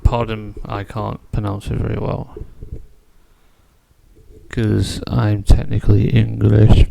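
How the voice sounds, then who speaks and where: A man's voice: on the low side, creaky, mellow, a little hiss or hum, rough recording. A man chatting casually on a game stream, rambling and joking as he talks. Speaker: gaming streamer.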